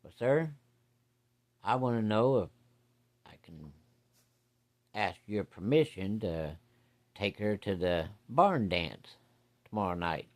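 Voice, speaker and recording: A man's voice: lowish voice, expressive, slow, long pauses. A man telling a story voices a nervous young man who politely asks a father's permission, deferential and hesitant.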